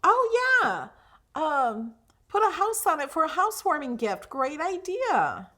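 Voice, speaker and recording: A woman's voice: high voice, big pitch swings, a little slow, pushed and bright. A woman hosting a craft livestream, chatting casually with viewers, gushing over her projects with fillers and restarts.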